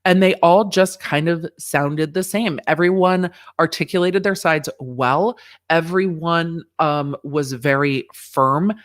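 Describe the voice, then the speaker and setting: A woman's voice: deep voice, slow. A woman lawyer giving casual, candid livestream commentary on a court hearing, reading viewer questions aloud and swearing freely. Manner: candid, profane, reads chat questions aloud.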